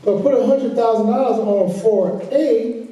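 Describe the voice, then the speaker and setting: A man's voice: extremely high pitch, unhurried, warm tone, lo-fi sound. A man with a Southern drawl teaching a farm tax workshop, folksy and repeating his key points, laughing easily. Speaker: workshop instructor. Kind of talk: financial training lecture. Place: large echoey meeting room. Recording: echoey room, distant mic.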